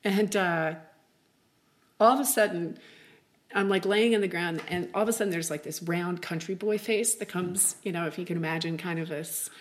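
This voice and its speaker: Middle-aged woman, low voice, halting and chatty, full of fillers, telling her own story. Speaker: interview guest. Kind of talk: personal storytelling.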